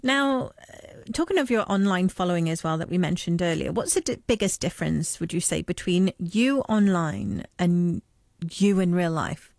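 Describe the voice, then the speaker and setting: A woman hosting a live radio interview, upbeat and quick to laugh. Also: fairly low pitch, lively intonation, creaky, a little mellow, no echo, clean studio sound. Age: adult parent. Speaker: radio host.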